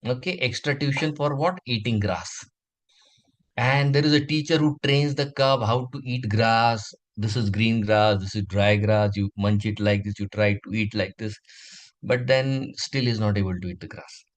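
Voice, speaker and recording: A man teaching a children's class, telling a moral animal fable in an animated way with drawn-out pauses. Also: on the low side, rough recording. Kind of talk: storytelling for a kids' class.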